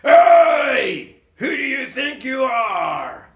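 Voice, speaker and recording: Brief: a storyteller doing a menacing, boastful giant who shouts his taunts, high and loud. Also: a little slow, creaky, full character voice. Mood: taunting. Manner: taunting, bellowing. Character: huge, boastful, menacing giant warrior man. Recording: roomy echo.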